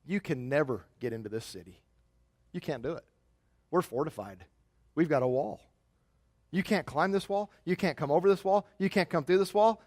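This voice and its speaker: A man's voice: fairly high pitch, lively intonation, normal speed, long pauses, a little mellow, dry recording, clean studio sound. A man voicing an ancient king who mocks an invader from behind his fortified wall, laughing him off. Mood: mocking. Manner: mocking, dismissive. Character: boastful ancient king defending his walled city.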